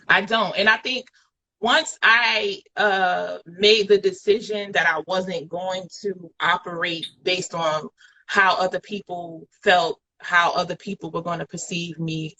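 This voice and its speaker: A woman's voice: lowish voice, pushed and bright. A woman speaking frankly as a guest in an online interview over a video call. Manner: frank and blunt. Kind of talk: candid conversation.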